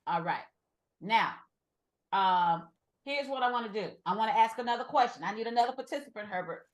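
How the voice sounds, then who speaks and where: A woman's voice: mid-range voice, expressive, fairly quick. A woman teaching a trading class with energy, repeating her points and speaking straight to the group. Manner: emphatic, repeats points, addresses the group as y'all. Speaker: trading instructor.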